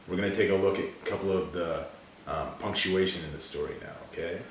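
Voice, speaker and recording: Low-voiced man teaching kids. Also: steady tone, fast, background noise. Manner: patient, explains step by step with playful demonstrations. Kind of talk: children's reading and drawing lesson.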